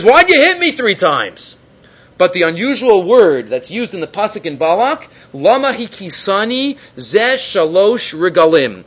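A man's voice: high-pitched, fairly bright tone, highs cut off. A man teaching a Torah lecture, mixing in Hebrew terms and rising and falling for emphasis.

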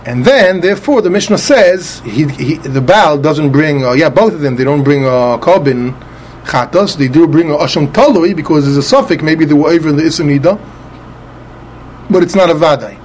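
Teaching a passage of Talmud, a man with a voice on the high side works through it at a moderate pace, spelling out Hebrew letters and vowels with Ashkenazi pronunciation. He methodically repeats words while explaining, with slight background noise present.

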